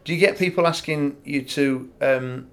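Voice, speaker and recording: A man's voice: on the high side, normal speed, slight background noise. Hesitant man hosting an interview. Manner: hesitant, restarts and repeats words. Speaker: podcast host. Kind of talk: conversational interview.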